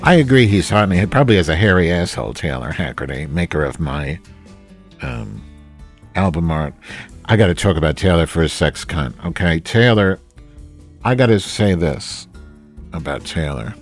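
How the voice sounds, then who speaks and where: A man streaming live, rambling and swearing as he reacts to his viewers, jumping between loud outbursts and low mutters. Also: animated, normal speed, soft background music. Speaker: livestreamer reading chat.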